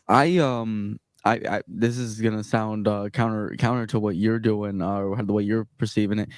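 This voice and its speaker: Low-voiced easygoing podcast host, dry sound. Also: male voice, fairly even intonation, normal speed, no room sound. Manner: easygoing, hesitant with fillers. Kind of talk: casual podcast hosting.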